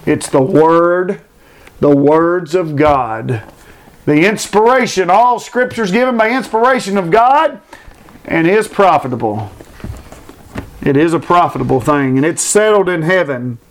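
A man's voice: on the high side, a little slow. A man preaching a sermon, building fervent repeated phrases and reading scripture aloud. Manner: fervent, repetitive emphatic preaching.

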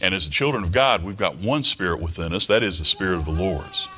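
A man's voice: low-pitched, fast, sharp tone. A man preaching a sermon, emphatic, repeating key phrases and quoting scripture aloud. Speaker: pastor.

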